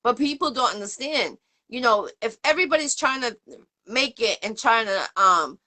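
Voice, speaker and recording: A woman from the area hosts a casual interview, her clear as she rambles cheerfully through shout-outs and "um"s. Her voice sits a little high and sounds bright and forceful. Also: animated, moderate pace. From Boston area, USA. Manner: rambling, upbeat, full of shout-outs and fillers. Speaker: interview show host.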